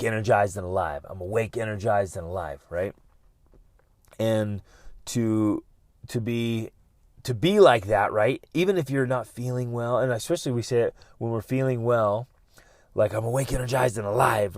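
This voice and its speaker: A man's voice: fairly low pitch, a little mellow, no room sound, studio quality. A middle-aged man hosting a motivational podcast, talking earnestly and often restarting his sentences. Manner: earnest, repeats words, many restarts. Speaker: podcast host.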